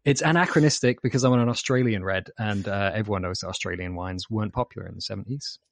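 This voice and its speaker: A man co-hosting a podcast, chatting in a halting, wry way. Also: fairly low pitch, vocal fry, no echo. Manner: hesitant, wry. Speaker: podcast co-host. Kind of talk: casual chat.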